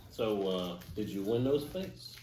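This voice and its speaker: A man off camera chiming in with brief, low-key questions during a casual chat. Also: animated, unhurried, dark tone. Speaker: off-camera companion asking questions. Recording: distant from mic in echoey room with noise.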